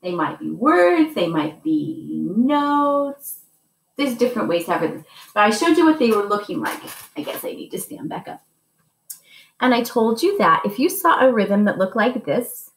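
A woman music teacher giving a lesson to young children, speaking slowly and patiently and chanting rhythm syllables. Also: medium pitch, gravelly, reverberant.

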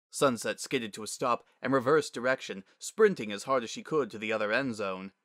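A man narrating a story as a dramatic reading, measured and expressive. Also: on the low side, dry recording, clean studio sound.

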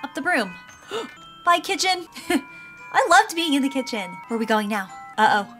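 A woman hosting a gaming video, giving excitable, gushing running commentary as she plays. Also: high-pitched, normal speed, faint music behind. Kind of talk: gameplay commentary.

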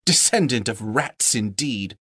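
A man's voice: lively intonation, a little slow, pushed and bright, slightly rough, dry recording, studio quality, exaggerated voice. A man voicing a small, fussy and polite male hobbit in a raised, fluttery voice. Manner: fussy, polite, higher-pitched. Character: small frightened but plucky male hobbit.

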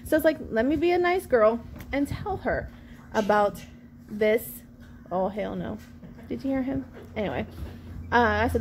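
A woman in her thirties, a vlogger telling a sassy, animated storytime about an outing with her kids. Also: a little high, moderate pace, slight background noise. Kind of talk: storytime vlog.

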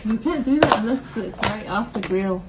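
A woman's voice: on the high side, animated, moderate pace, background noise. A woman co-hosting a casual family food vlog, chatting easily and laughing often. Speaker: vlog co-host. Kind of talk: casual chat.

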